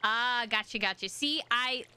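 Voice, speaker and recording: A woman's voice: fairly high pitch, unhurried, sharp tone, clean tone. A young American woman streaming a game, chatting in a rambling, giggly, self-deprecating way. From United States. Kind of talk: casual chat with viewers while gaming.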